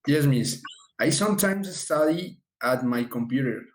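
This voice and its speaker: A man's voice: medium pitch, expressive, a little slow, echoey room. A male student in an English class who answers the teacher politely and reads sentences steadily.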